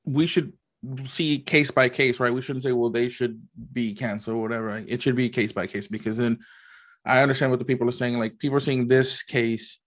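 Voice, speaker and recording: A man co-hosting a casual podcast, talking loosely with lots of fillers and animated retellings. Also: mid-range voice, brisk. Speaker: podcast co-host. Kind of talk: casual chat.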